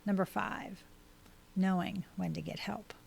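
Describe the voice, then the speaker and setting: Woman with a gravelly podcast voice. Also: mid-range voice, a little hiss or hum. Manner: steady, measured reading of numbered tips. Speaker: podcast host and life coach. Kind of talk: scripted advice monologue.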